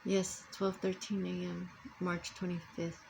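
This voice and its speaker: A woman's voice: on the low side, level tone, measured pace, creaky, a little mellow, poor audio. Older woman, furious profane vlog rant, faint background noise. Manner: angry profane ranting.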